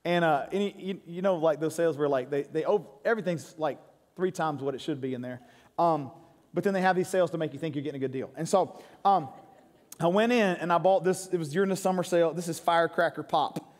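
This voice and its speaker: High-voiced joking pastor in a reverberant church. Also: male voice, fast talker. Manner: joking, crowd-engaging storytelling. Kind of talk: sermon. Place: church sanctuary. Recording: long hall reverb.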